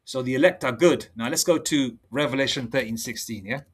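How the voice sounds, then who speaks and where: Man, preacher, casual slangy sermon, slow scripture reading, mid-pitched. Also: a little hiss or hum. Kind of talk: informal online sermon and Bible study.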